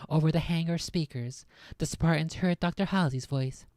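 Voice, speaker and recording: A woman's voice: low voice, normal speed, darkish tone, no echo. A woman streamer reading a science fiction novel aloud, breaking off now and then for chatty, laughing asides.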